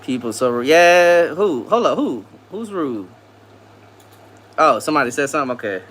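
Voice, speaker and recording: A man hosts a live stream and answers chat in a relaxed, slangy way. His voice is bright and fairly high for a man. His pitch swings widely from line to line. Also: normal speed. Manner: laid-back slangy banter, laughs often.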